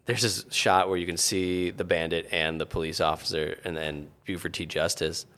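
A man's voice: low-pitched, level tone, normal speed, fairly bright tone. A man co-hosting a podcast, talking casually and thoughtfully, trailing off mid-sentence with dry asides. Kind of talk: casual movie chat.

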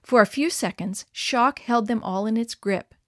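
A woman narrating a story in a clear, expressive read-aloud manner. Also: on the high side, normal speed, no room sound, studio quality. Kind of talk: scripted narration.

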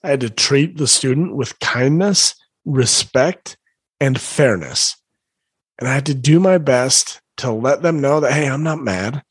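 Earnest husky-voiced man coaching parents. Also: mid-range voice, unhurried, no room sound, clean studio sound. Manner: earnest, encouraging, acts out his own inner thoughts. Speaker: parenting coach, former school principal. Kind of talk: motivational talk to parents.

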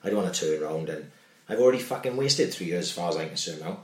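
A man's voice: sits low, expressive, fast, crowd noise. A man, co-hosting a podcast in casual, sweary chat, telling stories and often asking "do you know what I mean". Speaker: podcast co-host. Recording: roomy echo.

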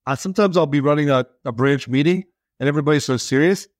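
A man with a slightly high voice and a dry, close sound. He speaks as a branch manager in a loose, easygoing way. He jokes as he goes. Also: fast, no room sound. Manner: laid-back and joking. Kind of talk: podcast discussion.

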